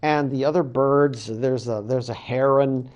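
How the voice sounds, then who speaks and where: A man, a college professor, casually retelling a creation story in a lecture, animated and full of fillers. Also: medium pitch, measured pace.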